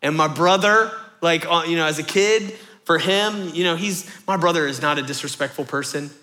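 Animated storytelling preacher, bright voice. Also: male voice, fairly high pitch, moderate pace. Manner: animated storytelling, acts out voices, repeats phrases for rhythm. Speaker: pastor. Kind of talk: sermon.

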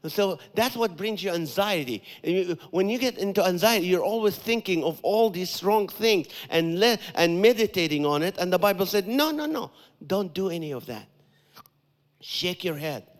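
A man's voice: high-pitched, normal speed, few pauses, in a large hall. A man, a comedian giving a guest sermon, talking animatedly, acting out people's thoughts and repeating phrases for emphasis. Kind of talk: sermon with comic asides.

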